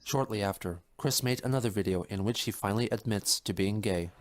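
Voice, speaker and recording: Male narrator, lower pitch, even scripted delivery. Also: a little fast, background noise. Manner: even, matter-of-fact. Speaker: documentary narrator.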